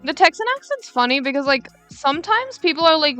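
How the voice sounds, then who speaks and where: A woman's voice: sits high, expressive, a little fast, bright, forceful tone, soft background music. A woman livestreamer chatting casually while drawing, rambling onto tangents and joking.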